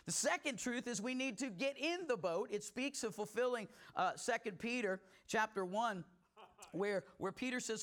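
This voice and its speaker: A man's voice: high-pitched, lively intonation, normal speed, a bit bright. A middle-aged male pastor preaching a sermon in a conversational way, with folksy asides and rising emphasis.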